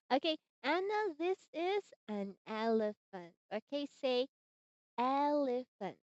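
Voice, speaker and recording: Very slow, high, lively woman teacher. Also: dry recording. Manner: slow, sing-song and encouraging, with animal sounds. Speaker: online English teacher. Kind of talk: demo lesson for a young learner. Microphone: computer mic on a video-call platform. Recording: dull, dry lo-fi call audio.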